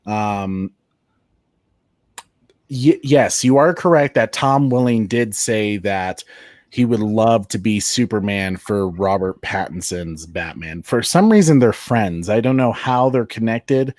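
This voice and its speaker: A man's voice: on the low side, slow pace, darkish tone, dry recording. A man hosting a casual live chat show, rambling through tangents and laughing often. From Colorado, United States. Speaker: show host.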